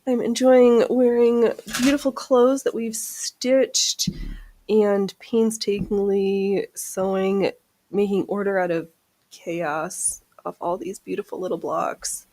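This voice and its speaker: A woman's voice: little pitch movement, slow, dark tone, low-quality recording. A woman hosting a casual sewing stream, chatting and joking about herself as she stitches. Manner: chatty, self-mocking, talks to her cat in a high baby voice. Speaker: channel host. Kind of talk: casual sewing livestream chat.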